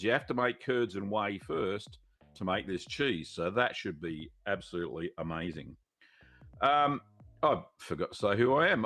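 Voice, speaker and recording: A man's voice: lowish voice, a bit bright. A middle-aged Australian man hosting a live cheese-making Q&A stream, chatting casually with many fillers and greeting viewers by name.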